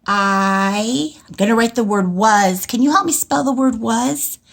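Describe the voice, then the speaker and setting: A woman teacher giving an early-grade writing lesson, talking slowly in a sing-song way and stretching out words for young children. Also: on the high side, creaky.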